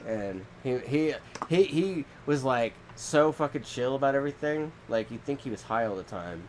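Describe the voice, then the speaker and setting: A man's voice: lively intonation, moderate pace, slight background noise. Rambling podcast guy with a head cold. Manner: rambling storytelling, acts out quotes in squeaky voices. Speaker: podcast co-host. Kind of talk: casual chat.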